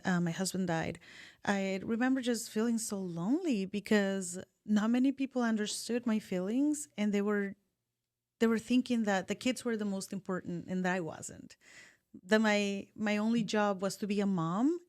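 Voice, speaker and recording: A woman's voice: medium pitch, moderate pace, a little mellow. A woman co-hosting a podcast, speaking in an open, thoughtful way and sometimes searching for her words. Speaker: podcast co-host. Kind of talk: casual conversation.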